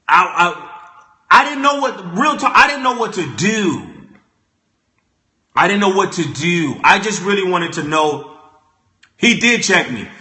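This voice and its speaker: A young man telling a comic story as a vlogger, animated and repetitive, stumbling over restarts. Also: sits high. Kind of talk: comedic storytelling rant. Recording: echoey room.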